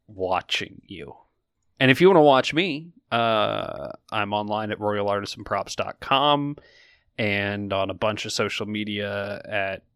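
A man running a tabletop game as game master. He tells the story slowly and draws out his words in a fairly low voice. The sound is dry and close on the mic. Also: a bit bright, clear, resonant tone, no room sound. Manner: slow, drawn-out storytelling. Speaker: game master and podcast host.

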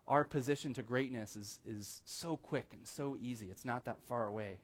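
A man preaching a sermon as pastor, earnest, slowing down on key phrases and calling the listeners friends. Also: medium pitch.

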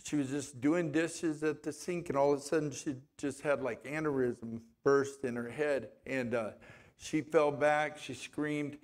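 A man's voice: fairly high pitch, steady tone, a little slow. A man preaching a sermon as a pastor in a church, telling a story in a rambling, conversational way and reading scripture aloud.

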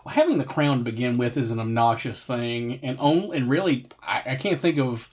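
A man's voice: medium pitch, normal speed, a little mellow. A man in a casual podcast chat, opinionated and profane, often restarting his sentences.

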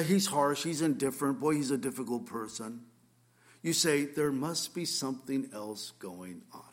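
A man preaching a sermon, reading scripture and expounding on it, swinging between loud rhetorical questions and quiet asides. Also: a little high. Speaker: pastor.

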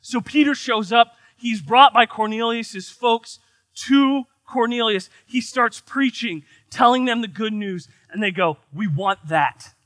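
A man from the United States preaching a sermon in an animated, joking, conversational way. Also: very high voice, unhurried, no echo. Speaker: pastor.

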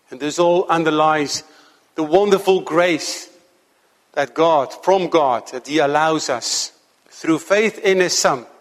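Man preaching in a reverberant church. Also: on the high side. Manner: earnest, measured preaching with slow emphatic stretches. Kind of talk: sermon.

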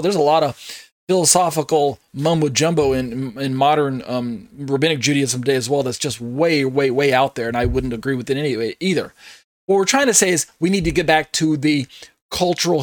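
A man's voice: a little high, dry recording, clean studio sound. A man giving an earnest Bible teaching, emphatic and repeating himself, with many fillers.

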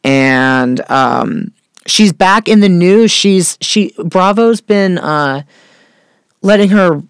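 A man hosting a casual pop-culture chat, gossiping with sarcasm, swearing freely and filling pauses with "uh". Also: high voice, clean tone, dry recording, clean studio sound. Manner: chatty, gossipy, swears freely, many fillers; sarcastic, repeats catchphrase. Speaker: podcast host.

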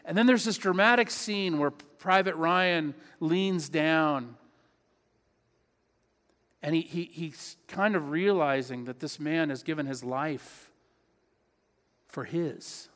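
A man's voice: fairly high pitch, slow, pauses often, fairly bright tone. Earnest preaching man in a reverberant church. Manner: earnest preaching, emphatic repetitions. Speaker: pastor. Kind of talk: sermon. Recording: long hall reverb.

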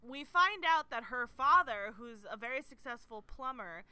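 Podcast co-host, woman, very bright and smooth voice, jokey and casual, dry close mic. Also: high voice, expressive, normal speed, no room sound. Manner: playful, jokey, swears casually. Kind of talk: casual chat recapping a film.

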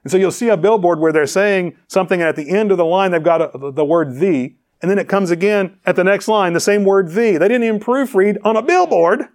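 A man preaching a teaching sermon, animated and chuckling often, firing rhetorical questions at his listeners. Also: high voice, a little fast, hardly any pauses.

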